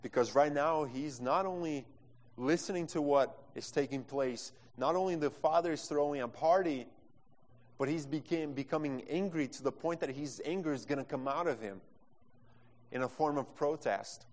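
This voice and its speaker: Pastor preaching in a reverberant hall. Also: male voice, fairly high pitch, normal speed. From Brazil. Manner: impassioned preaching, non-native phrasing, acts out quotes. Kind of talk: sermon. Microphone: microphone.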